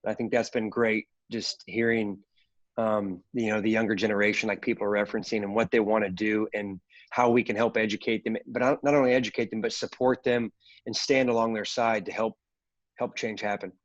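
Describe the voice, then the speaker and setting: A man's voice: lowish voice, little pitch movement, a little fast, dry recording. A man on a video call, speaking earnestly and hopefully about supporting young people. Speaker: head coach. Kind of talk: panel remarks on a video call. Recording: dry, dull call audio.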